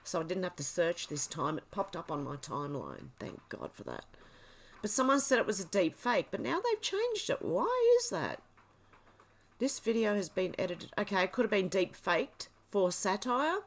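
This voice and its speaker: A woman's voice: lowish voice, big pitch swings. Chatty woman reading posts aloud. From Australia. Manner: chatty, reads posts aloud then reacts with quick asides. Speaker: livestream host. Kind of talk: casual commentary reading social media posts.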